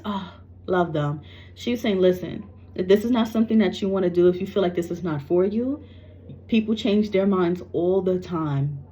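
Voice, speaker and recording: A woman's voice: medium pitch, a little mellow, muffled recording. A psychic medium, a woman from New York, animatedly tells a personal story to camera and swears freely.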